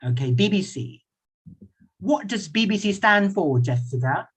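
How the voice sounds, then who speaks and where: A high-pitched, expressive, slightly rough male voice leads a playful online English class, asking questions slowly more than once and laughing softly often. He is a Thai native speaker with a British accent, recorded on a computer mic during a video call.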